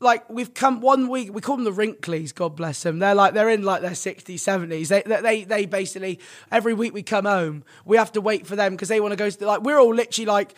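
A young man in casual podcast chat, telling rambling stories full of fillers, in an animated storytelling manner. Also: high-pitched, quick pace. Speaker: podcast guest, streamer.

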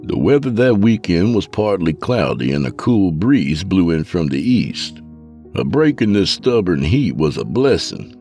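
A man narrating a first-person story in an expressive, dramatic reading. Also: low voice, vocal fry.

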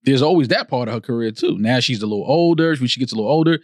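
A male podcast co-host talks quickly and loosely, full of slang and easy laughs. His mid-range voice sits on a studio mic. The room adds no echo. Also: mid-range voice, animated, darkish tone. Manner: laid-back, slangy, laughs often. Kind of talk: casual debate chat.

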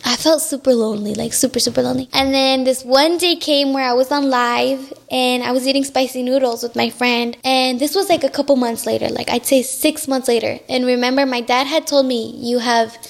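A woman's voice: sits high, steady tone, a little fast, gravelly, few pauses. A young adult woman, a podcast guest telling her personal story candidly and acting out what others said to her. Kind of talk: personal storytelling in casual chat.

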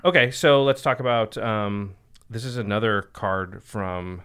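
A man's voice: on the low side, measured pace, fairly bright tone, clear, resonant tone. A man hosting a podcast, chatting casually and explaining card game rules step by step. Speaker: podcast host.

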